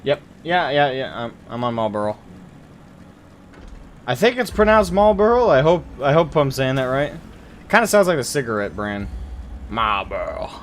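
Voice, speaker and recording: A man's voice: medium pitch, very animated, normal speed, slight background noise. A man streaming a video game, chatting casually and thinking aloud, with lots of fillers and restarts. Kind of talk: casual gameplay stream chat.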